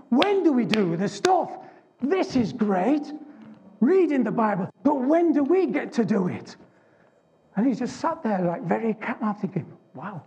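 An Englishman giving an animated, emphatic testimony sermon to a men's gathering. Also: high voice. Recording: dull lo-fi recording.

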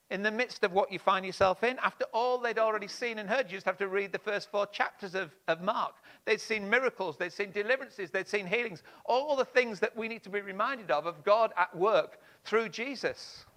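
A man preaching a sermon, expressive, swinging between loud emphasis and hushed lines. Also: high voice, a little fast, few pauses.

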